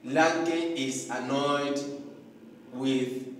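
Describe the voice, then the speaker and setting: A man's voice: mid-range voice, fairly even intonation, drawn-out words, a little hiss or hum. A man teaching English, repeating each word and giving example sentences. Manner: drills words by repeating them with example sentences. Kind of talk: slow, repetitive classroom teaching. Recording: echoey hall, voice from far off.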